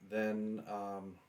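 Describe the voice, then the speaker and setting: A male player with a very deep voice speaks slowly and deliberately. He weighs his words before he acts. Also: a little mellow.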